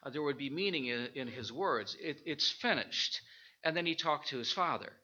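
A man teaching an informal Bible study, thinking aloud with halting restarts and rhetorical questions. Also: on the high side, animated, pushed and bright, muffled recording.

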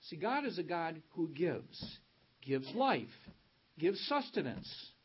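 Guy preaching a sermon, husky voice, swoops up on key words, muffled lo-fi sound. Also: fairly high pitch, sing-song, takes it slowly. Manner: emphatic, rising on key words, reads scripture aloud. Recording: dull lo-fi sound.

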